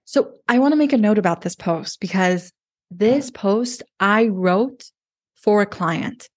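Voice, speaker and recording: A woman speaking as a love coach in a casual podcast conversation, animated, emotional and emphatic. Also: medium pitch, unhurried.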